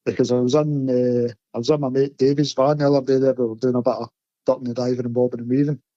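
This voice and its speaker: A man's voice: medium pitch, little pitch movement, fast, dark tone, dry recording. A Scottish man, a podcast correspondent, chatting bluntly and telling stories in a casual talk. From Scotland. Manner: blunt, storytelling. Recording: dull lo-fi line.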